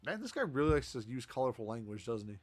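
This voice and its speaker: A man's voice: mid-range voice, sing-song, fast talker, soft background music. A man streaming a game, chatting casually, laughing a lot and poking fun at himself. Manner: chatty, self-deprecating, laughs often. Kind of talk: casual gameplay commentary.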